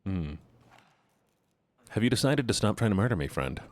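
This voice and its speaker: Deep-voiced goofy man on stream. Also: sing-song, moderate pace. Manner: goofy, playful, singsong. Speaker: streamer guest and voice actor. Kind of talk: casual stream chat.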